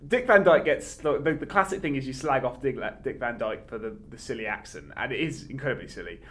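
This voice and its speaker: Man, podcast co-host, casual film chat, animated, argumentative, restarts a lot. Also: mid-range voice, quick pace, a little hiss or hum.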